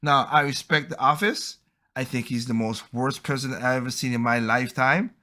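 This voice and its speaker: A man's voice: mid-range voice, fairly even intonation, a little fast, bright, forceful tone. A man hosting a podcast, talking casually in a rambling, opinionated way. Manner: rambling, opinionated, acts out quoted people. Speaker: podcast host.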